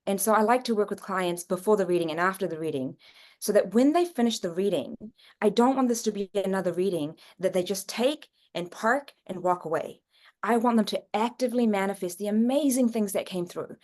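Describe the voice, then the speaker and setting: Earnest woman explaining spiritual ideas. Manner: earnest, explanatory, expressive pitch swings. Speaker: psychic reader and guest. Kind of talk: conversational interview.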